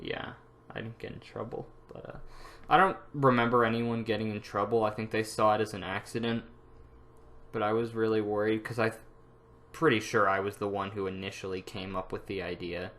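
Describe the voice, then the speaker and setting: A man's voice: fairly low pitch, flat delivery, a little fast, a bit bright. Young man rambling through stories. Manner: rambling, frequent fillers and restarts, laughs at own stories. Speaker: vlogger. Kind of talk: casual storytelling.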